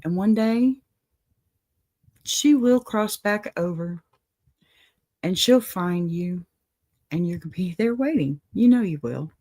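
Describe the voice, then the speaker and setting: A woman's voice: lowish voice, lively intonation, takes it slowly, long pauses. A woman hosting an advice show, talking casually and reassuringly to a viewer. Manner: gentle, reassuring, apologetic asides. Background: dog in the room.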